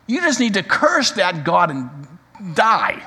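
A man's voice: wildly swooping pitch, takes it slowly, pushed and bright, slightly rough, heavily acted. A man voicing a scornful wife who mocks her suffering husband, in a long church reverb. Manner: sneering, raised pitch.

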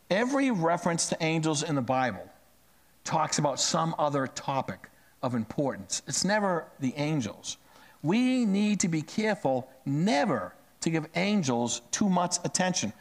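Male pastor, middle-aged, sermon, slightly high voice, hushed asides, emphatic peaks. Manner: conversational storytelling, swings between hushed asides and emphatic raised phrases.

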